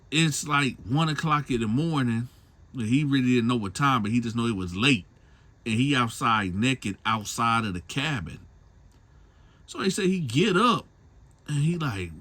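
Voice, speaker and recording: A man's voice: mid-range voice, sharp tone. A man retelling a story in a loose, slangy way, often tagging lines with a question. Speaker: storyteller host. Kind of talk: casual storytelling.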